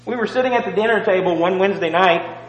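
A male preacher telling a story in a sermon, swinging between loud emphatic peaks and hushed low asides. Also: fast talker, in a large hall, highs cut off.

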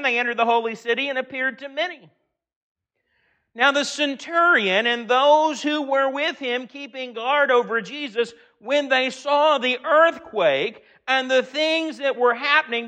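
A man preaching a sermon, reading scripture aloud and earnestly slowing down and swelling his voice for emphasis. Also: very high-pitched, bright, forceful tone.

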